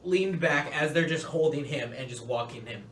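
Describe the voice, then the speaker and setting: A man with a fairly high voice runs a tabletop game as game master, laid back and full of ums and uhs. He sits a bit away from the mic, and the room around him echoes. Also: moderate pace. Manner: relaxed, with many fillers. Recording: roomy, distant mic, faint noise.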